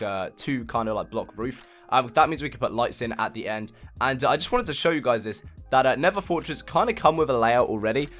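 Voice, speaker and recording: A laid-back man narrates his building tutorial as he plays. He rambles along with plenty of ums and uhs, pokes fun at himself, and sits at a mid-range pitch over faint background music. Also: a bit bright. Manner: chatty, rambling, lots of fillers; laid-back, self-mocking. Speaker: game building channel host. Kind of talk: casual gameplay building tutorial.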